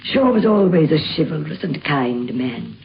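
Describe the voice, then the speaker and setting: Woman, gravelly, gentle deliberate recollection; dull 1950s broadcast with faint noise. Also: low voice, big pitch swings. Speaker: interviewee reminiscing. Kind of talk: spoken recollection. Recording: lo-fi 1950s radio recording with faint hiss.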